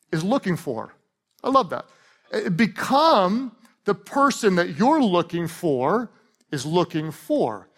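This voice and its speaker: A man with a high voice preaching to a large church. He is animated and jokey, and he often leans on punchlines and call-and-response lines. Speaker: pastor. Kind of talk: sermon.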